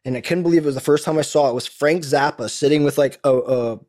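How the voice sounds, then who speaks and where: A man's voice: a little high, quick pace, a little mellow. A man as a podcast guest, ranting in a heated, profane way with many restarts. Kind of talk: casual podcast conversation.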